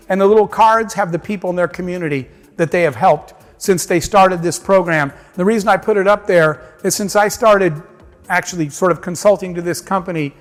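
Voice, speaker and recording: Male keynote speaker, animated storyteller, fairly high voice, reverberant conference hall. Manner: animated storyteller acting out dialogue.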